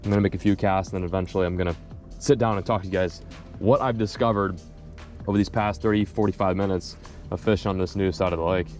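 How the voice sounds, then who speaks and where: A man vlogging while fishing from a boat on a lake, giving casual, excitable running commentary and chatting to the fish and trees he snags. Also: low-pitched, fast talker, faint music behind.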